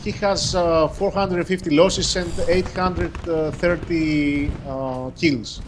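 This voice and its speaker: A man from Greece with a Greek accent, chatting about a strategy game in halting, formal English with many pauses. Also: fairly high pitch, fairly even intonation, noisy background. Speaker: game developer. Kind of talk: casual gaming chat.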